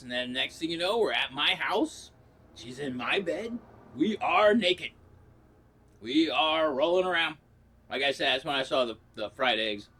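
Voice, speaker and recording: A man's voice: mid-range voice, fairly bright tone. A man rambling through crude, profane comic stories in a casual vlog. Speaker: comedy vlogger.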